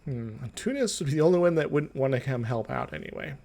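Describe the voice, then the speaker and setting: A man's voice: mid-range voice, lively intonation, quick pace, vocal fry, darkish tone. A man streaming a strategy game live, rambling through his thoughts aloud in a jokey, self-amused way. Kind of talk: casual strategy-game commentary.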